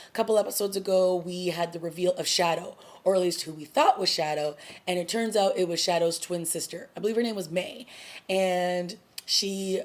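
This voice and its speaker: A woman with a fairly low-pitched voice talks through a TV episode in a loose, chatty vlog recap. She is a young adult who retells the plot casually, leaning on "like" and "you know" as she goes. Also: normal speed. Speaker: TV review vlogger.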